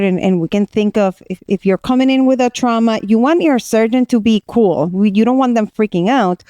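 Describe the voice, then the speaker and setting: Podcast co-host: a woman psychiatrist from Puerto Rico, mellow and smooth, candid, talks it through as she goes. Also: medium pitch, dry recording, clean studio sound. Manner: candid, animated storytelling with many restarts. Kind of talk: casual podcast conversation.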